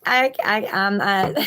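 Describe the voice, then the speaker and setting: A woman's voice: medium pitch, bright, forceful tone. A woman with a Southern accent, reading tarot cards on a live stream and chatting encouragingly with viewers. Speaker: tarot reader.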